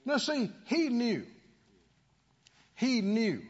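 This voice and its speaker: A man's voice: very high-pitched, big pitch swings, extremely slow, darkish tone, husky. A man preaching a sermon to a congregation, calling for responses and rising to emphatic peaks. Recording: lo-fi church recording with long reverb.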